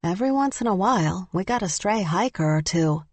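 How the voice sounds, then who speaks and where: A woman narrating a first-person audiobook in measured, lightly wry storytelling. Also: lowish voice, expressive, no room sound.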